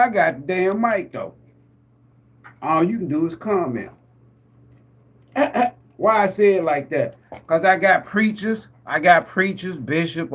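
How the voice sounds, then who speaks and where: A man hosting a live tarot stream, ranting like a preacher with lots of swearing. He laughs often, asks his viewers questions, and swings between loud bursts and muttered asides. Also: a little high. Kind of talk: profane preacher-style rant.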